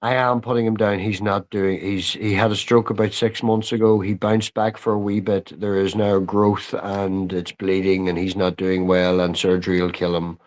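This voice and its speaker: A man's voice: deep voice, level tone, normal speed, hardly any pauses. A man chatting as a guest on a live stream, stammering when he gets going and swearing casually. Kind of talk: casual chat.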